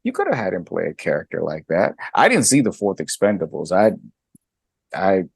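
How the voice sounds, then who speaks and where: Gravelly middle-aged man, animated chat. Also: normal speed, no echo, studio quality. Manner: animated, jumps high in pitch when making a point. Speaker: guest co-host. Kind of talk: casual chat.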